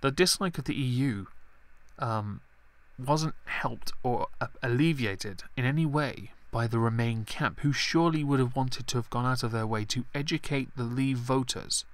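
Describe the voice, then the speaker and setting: On a dry recording, a man speaks at normal speed in a mid-range voice while hosting a live stream of casual political commentary. He rambles sarcastically and pokes fun at himself along the way.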